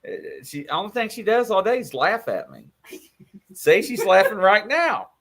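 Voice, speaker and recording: A man with a New York accent chats casually on a livestream. His voice swings up and down a lot as he tells his stories, and it sits a little high for a man. He acts out the other people in his anecdotes. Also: normal speed. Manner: animated storytelling, mimics voices in quotes. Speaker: livestream co-host. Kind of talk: casual chat.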